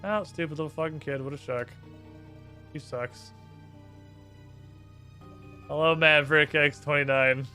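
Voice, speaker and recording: A man's voice: fairly high pitch, measured pace, pauses often, bright, forceful tone, faint music behind. A man streaming a game live, thinking aloud in a brash, profane way. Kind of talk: live gameplay commentary.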